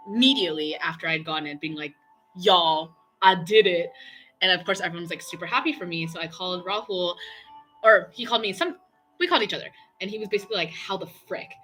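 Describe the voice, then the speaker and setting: Excitable chatty young woman, bright voice. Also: lowish voice. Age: young adult. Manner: chatty, excitable, lots of fillers and quoted dialogue. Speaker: streamer. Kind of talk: casual storytelling while painting on stream.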